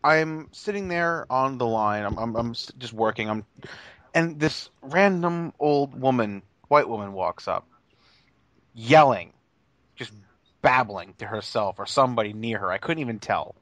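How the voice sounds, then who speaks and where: A man's voice: medium pitch, animated, unhurried, fairly bright tone, no echo. A young man on a casual podcast, telling a story with lots of stammered restarts and swearing. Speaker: podcast co-host.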